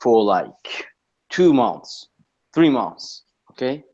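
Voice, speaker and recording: A man's voice: medium pitch, big pitch swings, extremely slow, a little mellow, highs cut off. A man in casual chat, rambling and repeating okay and you know as he tells stories.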